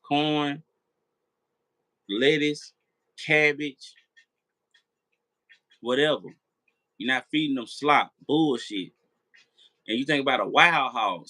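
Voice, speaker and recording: A man's voice: on the high side, pushed and bright, no echo, poor audio. A man hosting a late-night live chat, rambling, repeating himself and swearing as he talks straight to his viewers. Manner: rambling, repetitive, profane. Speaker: live stream host.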